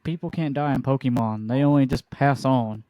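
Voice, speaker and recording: A man's voice: mid-range voice, normal speed, mellow, no echo. A man in a casual podcast chat, enthusiastic and opinionated, who jokes as he goes. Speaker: podcast participant.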